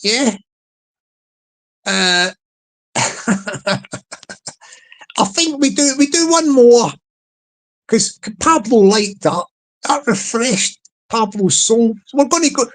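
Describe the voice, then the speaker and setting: A man hosts a relaxed live stream and talks at an unhurried, drawn-out pace. He repeats a catchphrase in a playful chant and keeps urging his chat to join in, checking with them as he goes. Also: high voice, poor audio. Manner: repetitive, playful, drawn-out delivery.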